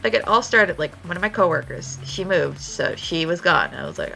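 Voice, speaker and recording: A young woman art streamer chats casually while drawing, telling animated stories and swearing a lot. Her voice is on the low side and creaky at a normal speed, with faint music behind it and poor audio.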